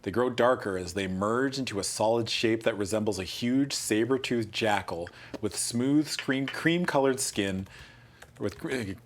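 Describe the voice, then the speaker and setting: A man's voice: lowish voice, a little slow. A man running a tabletop gamebook session, reading the text aloud and chatting with a lot of casual swearing. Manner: laughs often, swears casually. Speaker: game master.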